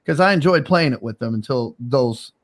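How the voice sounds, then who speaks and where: A man's voice: mid-range voice, lively intonation, normal speed. A man hosting a casual livestream chat, telling a story in a rambling, laid-back way with lots of fillers. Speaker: streamer host.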